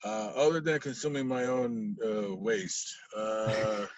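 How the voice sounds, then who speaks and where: Guy telling a crazy story on a podcast, dry close mic, goes from hushed to loud. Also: lowish voice, slow, no echo, lo-fi sound. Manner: acts out scenes, swings from hushed to loud. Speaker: podcast guest. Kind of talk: animated storytelling.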